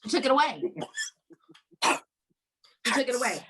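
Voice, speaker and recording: A woman's voice: high-pitched, normal speed, very noisy. A woman co-hosting a podcast, casually recapping a romance novel and acting out the characters' lines. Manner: animated storytelling, acts out characters' lines. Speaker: podcast co-host.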